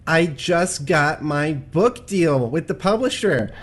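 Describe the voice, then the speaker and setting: In a satirical radio sitcom, a man plays a naive, overexcited radio host who stammers and gushes giddily. His voice sits a little high, with lively intonation and a slow pace.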